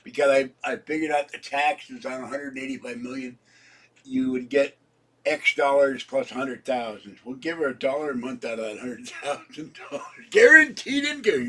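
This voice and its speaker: A man in his seventies, sick and hoarse, rambling casually to his viewers about his day and laughing at his own jokes. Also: medium pitch, far from the mic. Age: 70s. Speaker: vlogger. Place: home.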